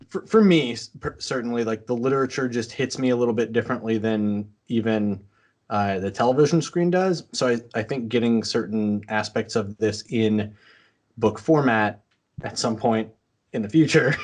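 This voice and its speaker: A male podcast co-host talking casually about a fantasy story, rambling and restarting his sentences as he goes. His voice sits in an ordinary middle pitch for a man. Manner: rambling, halting restarts, quick to laugh. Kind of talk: casual chat.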